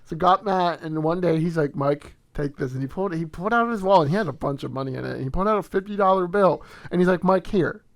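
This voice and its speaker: Young male podcast host, slightly high gravelly voice, dry mic, animated storyteller. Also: fast talker, hardly any pauses, dry recording. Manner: animated, swearing, acts out quotes in storytelling. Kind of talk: casual storytelling chat.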